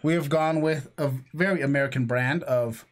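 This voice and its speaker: A man's voice: fairly high pitch, moderate pace. A man co-hosting a casual podcast, rambling through jokes and tangents and laughing often. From lived in Florida. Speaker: podcast co-host. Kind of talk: casual chat.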